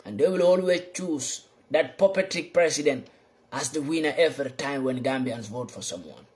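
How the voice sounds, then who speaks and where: A young man giving an impassioned political monologue, fervent and repetitive, swinging between loud outbursts and low muttering. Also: normal speed. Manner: repeats lines for emphasis. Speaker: political vlogger.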